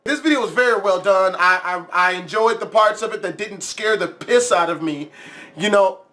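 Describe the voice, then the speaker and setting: Jumpy, profane high-voiced man. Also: normal speed, sharp tone. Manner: jumpy, profane, laughs often. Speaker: YouTube reaction host. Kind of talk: casual reaction commentary.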